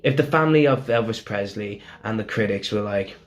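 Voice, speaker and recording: Rambling Welsh man, lowish voice. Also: brisk. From Wales. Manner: rambling, emphatic, swears casually. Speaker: podcast host. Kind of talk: casual chat.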